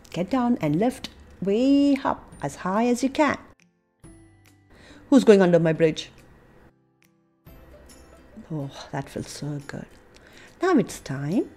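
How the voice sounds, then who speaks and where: American woman, preschool teacher, slow unhurried kids' yoga story, lively swoops, faint music behind. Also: medium pitch. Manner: animated, playful, coaxing, with soft breathy asides. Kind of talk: reading a picture book with yoga poses for children.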